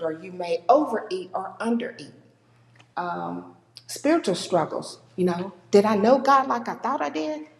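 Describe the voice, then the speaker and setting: A woman giving a conversational church talk on grief, acting out the people she quotes. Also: lowish voice. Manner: warm conversational, acts out quoted people with lively voices. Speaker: speaker at a church. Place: church sanctuary. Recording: echoey church hall with long reverb.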